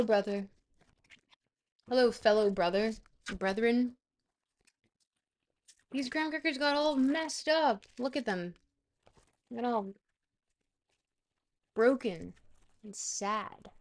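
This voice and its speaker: A woman's voice: on the high side, expressive, moderate pace, pauses often. A woman hosting a casual livestream, rambling and joking as she talks directly to her chat viewers. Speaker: livestream host.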